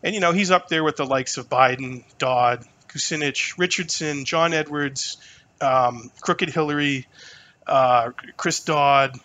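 Brief: podcast guest, man in his thirties, a touch high-pitched, loose and profane storyteller. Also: unhurried. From New Hampshire. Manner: animated, profane, lots of fillers. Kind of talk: casual storytelling conversation.

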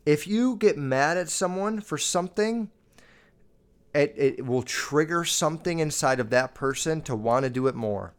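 A man's voice: fairly high pitch, animated, moderate pace, smooth. Swearing young man ranting on a podcast. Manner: casual, profane and emphatic rant. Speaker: podcast host. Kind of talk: solo podcast monologue.

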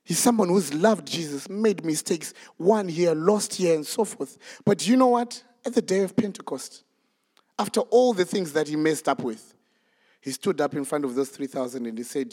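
A male preacher giving a sermon, telling a Bible story in a lively, dramatic way. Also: fairly high pitch, moderate pace. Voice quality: animated storytelling, acts out voices.

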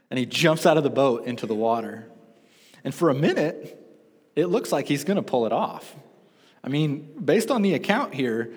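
A man's voice: medium pitch, slightly rough. Man preaching, echoing church hall. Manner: animated storytelling with self-deprecating asides. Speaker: pastor. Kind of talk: sermon. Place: church sanctuary. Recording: long reverb of a church hall.

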